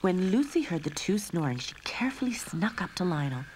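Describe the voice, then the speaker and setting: A woman narrating a game storybook in a soft, breathy reading voice. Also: on the low side, very animated, a little fast, slight background noise.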